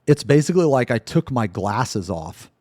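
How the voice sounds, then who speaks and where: An American man hosting a casual interview over a call, excitable and cursing often. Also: mid-range voice, normal speed, dry recording, clean studio sound. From United States. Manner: profane, excitable, swears often. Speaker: interviewer, host.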